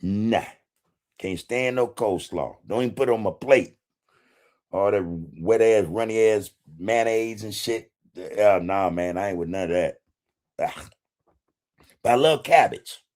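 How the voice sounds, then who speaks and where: A man's voice: fairly low pitch, a little slow, pauses often, a little mellow. A man hosting a casual livestream, reading chat comments in a laid-back way, swearing freely and chuckling often. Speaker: podcast host reading live chat.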